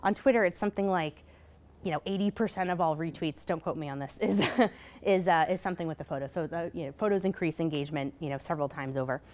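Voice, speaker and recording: A woman giving a conference presentation in a casual, hurried way, full of fillers and asking "right?" as she goes. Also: low voice, darkish tone. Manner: casual, many fillers, rhetorical "right?" tags; hurried, self-correcting. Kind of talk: live presentation. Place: conference session.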